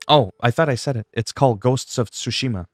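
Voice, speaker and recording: A man's voice: mid-range voice, a little fast, no echo, soft background music. A young man streaming a game and chatting casually, rambling with lots of fillers and self-deprecating jokes. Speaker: gaming streamer. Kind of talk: casual livestream chat while gaming.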